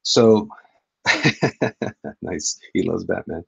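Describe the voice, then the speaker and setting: A low, gravelly man talks to his livestream chat in a loose, rambling way, often poking fun at himself. His voice is husky, and the sound is dry and a little dull, like a lo-fi recording. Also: expressive, very slow, no room sound. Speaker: comic artist livestreaming while drawing.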